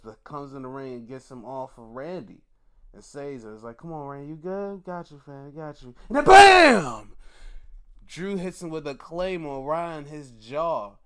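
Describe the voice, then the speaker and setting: A man reviewing wrestling shows in casual commentary, excitable and profane, often putting on mock outrage. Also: medium pitch.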